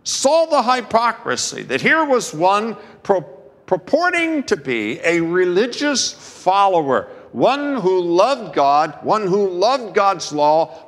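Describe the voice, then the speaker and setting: A man preaching a sermon as a pastor, slow and deliberate, with dramatic pauses. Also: sits high, sing-song, a bit bright, big-room sound.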